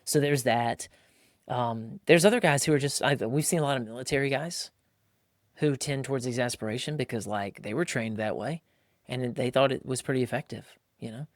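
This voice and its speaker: Animated storytelling man, dry sound. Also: mid-range voice, moderate pace, no room sound. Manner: animated storytelling, acting out quotes, frequent "like" and "bro". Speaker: podcast host. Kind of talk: casual podcast chat.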